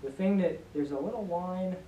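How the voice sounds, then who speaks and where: A man teaching a class, upbeat, with a slightly high voice. He drills his students with call and response. He is recorded from across an echoey classroom, with faint noise in the background. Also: moderate pace, mellow, far from the mic, dull audio. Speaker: Greek teacher. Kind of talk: classroom lesson.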